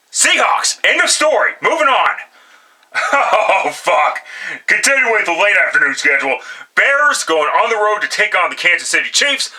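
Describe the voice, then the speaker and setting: In a low-quality recording, a man with a high, pushed, bright voice gives his football picks. He's a sports picks vlogger doing casual solo commentary, blunt and profane, and he frequently restarts sentences.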